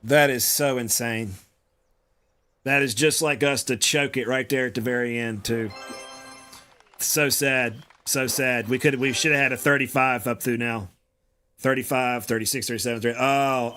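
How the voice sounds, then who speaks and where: A gaming streamer gives casual commentary on his play, sounding exasperated, groaning, swearing, and often repeating himself. His medium-pitched voice has a sharp tone.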